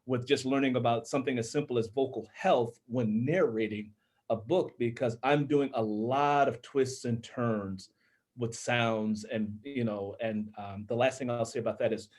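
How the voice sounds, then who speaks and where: A man's voice: medium pitch, fairly even intonation, moderate pace, a little mellow. A man from Minnesota, an author and audiobook narrator, explaining his craft earnestly in casual panel chat, with a tenor voice and many restarts.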